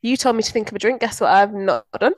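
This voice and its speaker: A woman co-hosting a podcast, telling lively anecdotes in casual chat and laughing often. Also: medium pitch, fast talker, dry recording. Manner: chatty, animated anecdotes with frequent laughter. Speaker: podcast co-host.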